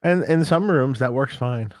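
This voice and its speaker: A man co-hosting a casual talk show about guitar gear, animated and chatty, who often acts out quotes. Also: medium pitch, moderate pace, dry recording, clean studio sound. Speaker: co-host, amp technician. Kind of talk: casual chat.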